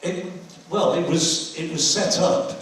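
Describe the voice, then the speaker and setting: An older man with a slightly high, slightly slow, somewhat bright voice hosts an audience Q&A after a film screening, sharing chatty anecdotes. He's recorded from a distance in an echoey screening hall.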